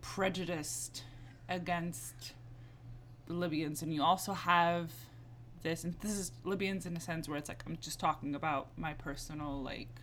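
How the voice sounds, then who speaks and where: Reflective woman with low voice. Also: normal speed, slight background noise. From United States. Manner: reflective, many fillers, animated when stressing points. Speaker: guest. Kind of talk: casual conversational interview.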